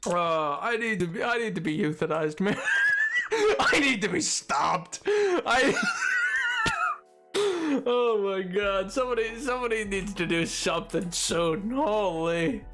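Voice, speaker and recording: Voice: medium pitch, expressive, measured pace, a bit bright, soft background music. Giggly streamer laughing to chat. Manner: giggly, repeatedly breaking into laughing fits; talking to chat. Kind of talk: live game stream chat.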